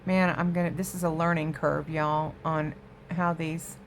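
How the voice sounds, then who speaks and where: A woman's voice: low voice, little pitch movement, measured pace, slight background noise. A woman hosting a crafting vlog from her home craft room, chatting casually to viewers and easily sidetracked. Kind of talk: casual show-and-tell chat.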